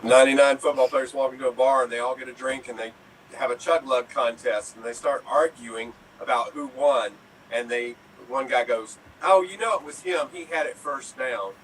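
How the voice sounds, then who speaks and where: A man telling improvised jokes in a soft, drawn-out way. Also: medium pitch, fairly even intonation. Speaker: improv player. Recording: distant mic, faint room noise.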